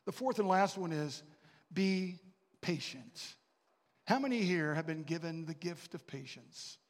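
The long reverb of a large hall frames this pastor's fairly high, expressive voice, which moves at a measured pace. He tells stories throughout his sermon, adding asides and asking the congregation questions.

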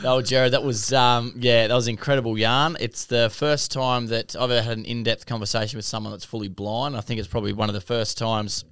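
Australian male co-host, laid-back, smooth dry voice. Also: medium pitch, steady tone, a little fast, few pauses, a bit bright, no room sound. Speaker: podcast co-host. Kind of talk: casual chat.

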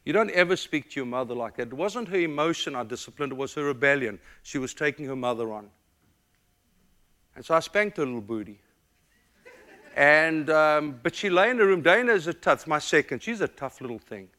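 A middle-aged pastor from Africa preaches with real fire, his voice bright and ringing. He pushes hard on his points, then drops to a hushed, tender near-whisper. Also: on the high side, animated, moderate pace. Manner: dynamic preaching, swings from loud emphatic to hushed and tender. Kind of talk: sermon.

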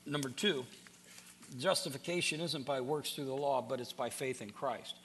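A man's voice: mid-range voice, moderate pace, a bit bright, slight background noise. A man preaching a sermon, earnest and direct, often repeating words as he starts a sentence. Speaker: pastor.

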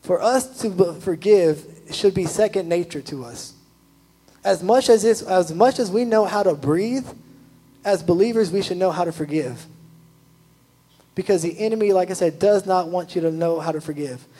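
A young male youth pastor preaches in a loose, conversational way, scattering "like" through his sentences. His voice sits high and has a husky edge. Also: normal speed, poor audio. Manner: chatty, animated, full of "like" asides. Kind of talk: casual sermon.

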